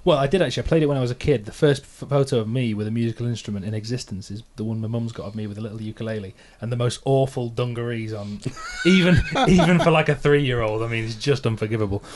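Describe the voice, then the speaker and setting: A man's voice: medium pitch, fast talker, hardly any pauses, darkish tone, slight background noise. A man in his thirties from England, a musician hosting a podcast, chatting casually about his songs, self-mocking and laughing often.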